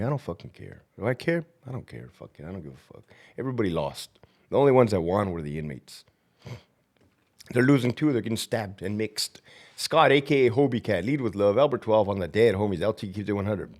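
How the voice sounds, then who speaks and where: A former prison lieutenant hosts his vlog in a heated, rambling rant thick with profanity. His voice sits low but swings widely in pitch. He rattles off long lists of viewer shout-outs between tirades.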